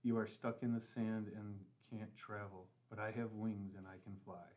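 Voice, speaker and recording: Man with a lowish voice reading a kids' book aloud, dull recording. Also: level tone, moderate pace. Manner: gentle storytelling with light character voices. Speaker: school board president reading aloud. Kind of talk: children's book read-aloud.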